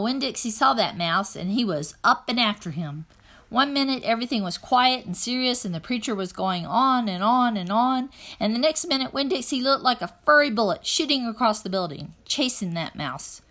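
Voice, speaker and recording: A woman reading a children's novel aloud in an even, plain first-person narration. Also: mid-range voice. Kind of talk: read-aloud storytelling.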